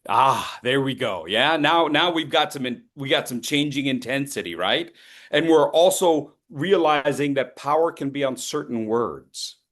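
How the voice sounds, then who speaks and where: A man leading an online public speaking workshop, coaching participants and swinging between loud and soft to demonstrate. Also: mid-range voice, expressive, a little slow.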